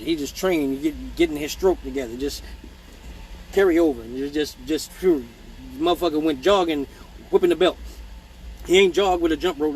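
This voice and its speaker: A man telling profane childhood stories in a casual live stream, animated and mimicking voices, with hiccups. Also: fairly high pitch, a little hiss or hum, poor audio. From Michigan. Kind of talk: casual storytelling.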